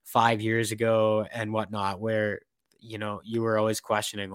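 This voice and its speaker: Man, young adult, lowish pitch, casual sports chat, rambling fillers, dry recording. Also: monotone, normal speed, a bit bright, clean tone, no echo. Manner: rambling, many fillers and restarts.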